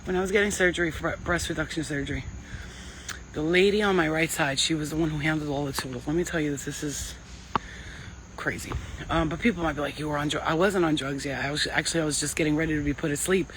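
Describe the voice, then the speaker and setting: A woman's voice: low voice, steady tone, fast talker, noisy background. A woman psychic medium giving a casual spiritual reading and telling stories in a blunt, chatty way, swearing freely.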